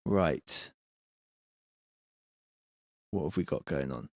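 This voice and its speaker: A man's voice: a bass voice, animated, drawn-out words, gravelly, no room sound, clean studio sound. A man with a London accent chatting casually on a music-making livestream, laid-back and slangy, thanking viewers as he works. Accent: London English. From England. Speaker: music producer streaming live.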